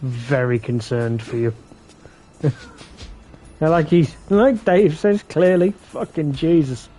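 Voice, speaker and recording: A man's voice: fairly high pitch, slow, mellow. A man doing casual live commentary over a game, bickering and swearing with his chat. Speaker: game streamer. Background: game music.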